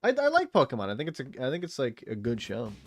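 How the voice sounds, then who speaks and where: Faint music sits behind a man in his late twenties as he streams a game, rambling through casual, profane commentary and talking to his viewers and the game's animals. He speaks fast, at medium pitch, with wildly swooping pitch.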